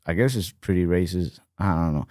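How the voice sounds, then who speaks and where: A man with a lowish voice chats loosely on a podcast, swearing freely and riffing. He stays animated, and his voice jumps higher whenever he quotes someone. The sound is dry and close to the mic. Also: brisk, no room sound. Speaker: podcast co-host. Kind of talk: casual podcast banter.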